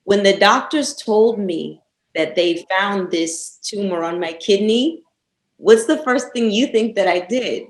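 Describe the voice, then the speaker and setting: A woman talks as a podcast guest in a loose, easygoing way, telling stories with plenty of laughter. Her voice sits at an average pitch. The recording carries a clear roomy echo. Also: measured pace. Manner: laughs often, lively storytelling. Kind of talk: casual interview chat.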